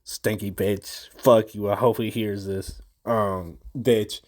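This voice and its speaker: A man's voice: on the low side, level tone, slow. A young man ranting through a gaming story from his room in casual slang, swearing constantly and rambling. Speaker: gamer recapping a session.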